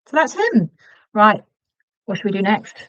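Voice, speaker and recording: A woman chatting casually on a crafting livestream, her voice sitting at an ordinary middle pitch. She wanders off topic easily and mutters stitch counts under her breath. The sound is a little dull and very dry. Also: big pitch swings, measured pace, fairly bright tone, no room sound. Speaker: livestream host. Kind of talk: casual livestream chat while crocheting.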